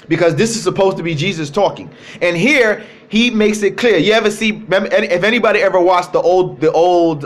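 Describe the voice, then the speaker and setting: A man giving a livestreamed religious talk into his cell phone, emphatic, repeating key phrases and slowing down to stress words. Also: fairly high pitch. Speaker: religious speaker.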